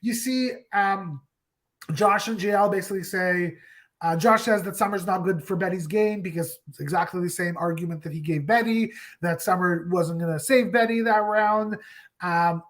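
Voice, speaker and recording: A man co-hosting a casual podcast, recapping scenes in an animated way. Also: high voice, moderate pace. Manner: animated, acts out quoted lines. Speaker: co-host.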